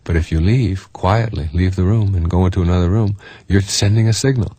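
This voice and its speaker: A man with a deep, slightly husky voice talks earnestly to his listeners, circling back over his points with fillers and repeats. The recording is dry and close, with no room sound. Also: brisk, mellow, no echo. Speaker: self-help speaker. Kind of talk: recorded self-help talk.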